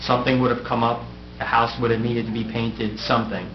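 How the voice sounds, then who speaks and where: A man's voice: mid-range voice, little pitch movement, a little fast. A middle-aged man, an outgoing mayor, giving a prepared farewell speech from a council dais with wry, self-deprecating humor. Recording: echoey, dull, noisy room recording.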